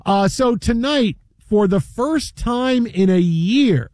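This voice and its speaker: A man hosting a casual sports talk show, telling animated, joking stories and slipping into mock play-by-play. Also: sits high, takes it slowly, no echo, clean studio sound. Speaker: podcast host.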